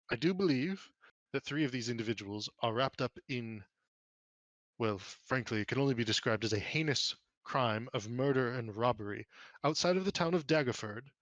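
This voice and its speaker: A man's voice: mid-range voice, fairly bright tone, dry recording, lightly acted. A man voicing a stern dragonborn paladin. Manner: formal, accusing, measured. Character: stern male brass dragonborn paladin knight.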